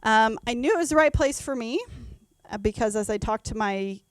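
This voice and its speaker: A woman's voice: a little high, animated, normal speed, clear, resonant tone, no echo. A woman in her thirties, an HR leader presenting a conference talk with frequent ums and self-corrections. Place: event venue.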